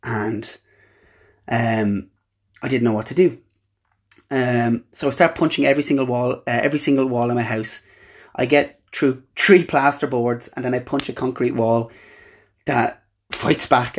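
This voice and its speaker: Telling a personal story on his podcast, a young Irish man sounds earnest yet halting, frequently starting over. His voice sits mid-range, darkish in tone with a breathy edge.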